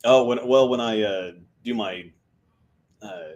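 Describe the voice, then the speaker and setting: A man's voice: mid-range voice, takes it slowly, darkish tone, highs cut off. A man co-hosting a casual bowling podcast, rambling and self-deprecating, with frequent restarts. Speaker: podcast co-host. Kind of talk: casual chat.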